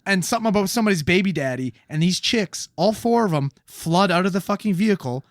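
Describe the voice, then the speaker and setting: A man's voice: high voice, animated, fast, no room sound, clean studio sound. A man in his thirties, a podcast co-host telling a story in laid-back casual chat, laughing along and swearing.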